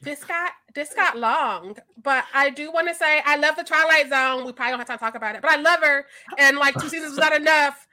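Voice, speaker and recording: A woman co-hosting a podcast, telling stories in an animated, emphatic casual chat. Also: high-pitched, fairly quick, hardly any pauses. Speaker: podcast co-host.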